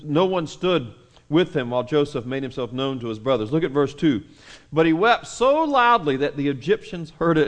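A male preacher with a slightly higher voice delivers a lively, conversational sermon. He reads scripture, then acts out the scenes with quick, playful asides. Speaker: pastor.

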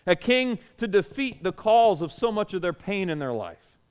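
Animated preacher with a high voice. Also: male voice, moderate pace, smooth. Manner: animated, rhetorical questions, shifting loud and soft. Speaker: pastor. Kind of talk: sermon.

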